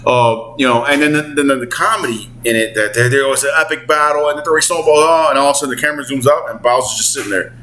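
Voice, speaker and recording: A man in his forties giving excitable, slangy gaming commentary at home, swearing and acting out character voices. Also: medium pitch, fast talker, hardly any pauses, a little hiss or hum, low-quality recording. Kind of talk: casual commentary. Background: clothes dryer running.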